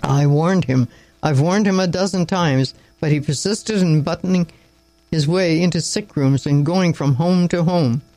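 A man reading the lines of a weary, contemptuous young country doctor who speaks in sharp, clipped phrases. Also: a little high, unhurried, no echo. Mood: angry.

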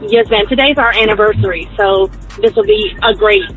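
A woman's voice: medium pitch, fairly quick, faint music behind. Woman caller, muffled phone line, polite yes ma'am type, confident. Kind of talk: phone-in chat.

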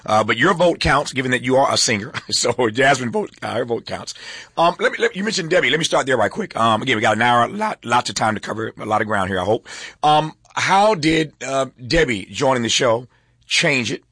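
A man hosting an interview, brisk and encouraging, pressing the next question between quick asides. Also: medium pitch, lively intonation, sharp tone, slightly rough, no room sound. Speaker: interview host. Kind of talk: radio-style interview.

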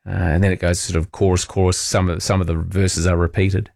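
Here the overnight radio host sounds low and somewhat dark, with a flat delivery, a brisk pace and some vocal fry. He chats loosely while reading out listener messages in casual late-night fashion, captured on a studio microphone with no echo.

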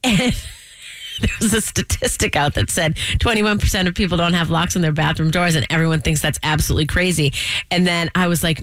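A middle-aged woman co-hosting a morning radio show, telling stories in a chatty, animated way with many restarts. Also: fairly low pitch, a little fast, no room sound. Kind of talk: casual chat.

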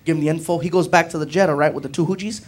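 High-voiced man doing stand-up. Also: rapid-fire. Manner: animated, conversational, tags lines with "right?" and "man". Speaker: stand-up comedian. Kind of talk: stand-up storytelling. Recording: noisy live comedy club with audience laughter.

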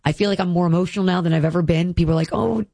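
A woman's voice: fairly low pitch, flat delivery, racing, mellow, no room sound. A woman in her thirties, a guest speaking earnestly and emotionally about her health, with many "like" fillers. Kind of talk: candid personal interview.

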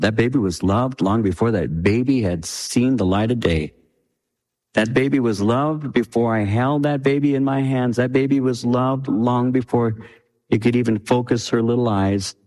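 A man preaching a sermon with impassioned delivery, his pitch swinging high and dropping low. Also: darkish tone. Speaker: pastor. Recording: long hall reverb.

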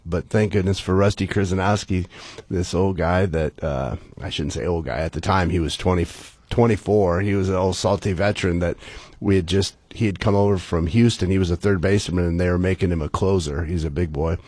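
A middle-aged man, a former baseball player, telling stories as a guest in casual talk, animated and acting out the people he quotes. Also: low-pitched, moderate pace, dry recording. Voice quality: gravelly, husky. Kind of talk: casual storytelling.

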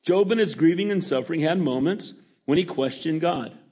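A middle-aged man delivers a sermon in a folksy, conversational way, stopping often to ask for an amen. His voice is husky and sits a little high for a man. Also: normal speed, darkish tone. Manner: folksy, asks the congregation for amens. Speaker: pastor.

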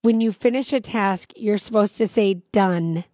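A woman's voice: medium pitch, normal speed, mellow, dry recording, muffled recording. A woman co-hosting a radio show, chatting and teasing in casual banter. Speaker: radio co-host.

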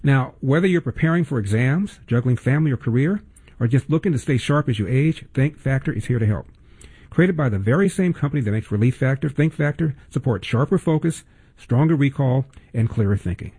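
A man's voice: medium pitch, expressive, a little fast, dark tone, breathy edge. An older man hosting a talk radio show, speaking in a monologue and mocking callers with whiny impressions.

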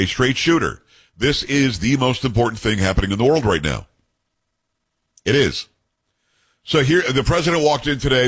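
Man, radio host in studio, husky voice, blunt and opinionated. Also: mid-range voice, fairly bright tone. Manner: blunt, reads news aloud and editorializes. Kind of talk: opinionated talk radio commentary.

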